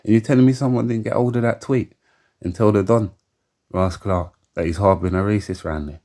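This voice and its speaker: Low-voiced man ranting heatedly. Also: fairly even intonation, brisk, warm tone. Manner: heated and emphatic, keeps asking for agreement; stammers and repeats words. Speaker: commentator. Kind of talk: opinion rant to camera.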